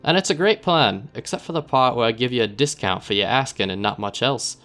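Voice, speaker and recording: A man voicing a shifty, wary scrap merchant who talks in a rough drawl, calling people "mate.". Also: on the low side, little pitch movement, brisk. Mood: gruff. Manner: rough-edged drawl, says "mate" and "aye".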